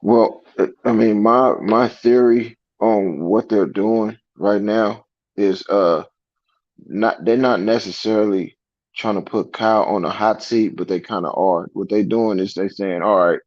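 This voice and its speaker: Laid-back low-voiced man, sports talk. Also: steady tone, measured pace, a little mellow, dry recording, muffled recording. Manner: laid-back slang, says bro a lot.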